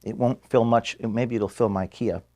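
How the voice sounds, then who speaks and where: In an office room at headquarters, the man who founded an organization gives his staff an earnest farewell speech while a camera films him. His mid-range, mellow voice keeps a fairly even intonation, but he is emotional and halting, pausing and restarting.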